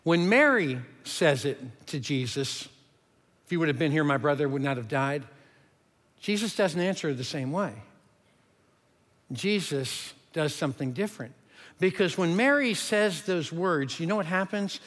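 Male pastor, sermon, high voice, earnest, long reverb. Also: expressive, measured pace. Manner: earnest preaching, drops to a hush for emphasis.

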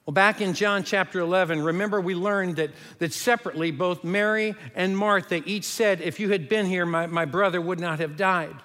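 A man preaching a sermon as pastor, earnest, and dropping to a hush for emphasis. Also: high voice, fairly even intonation, a little fast, hardly any pauses, in a large hall.

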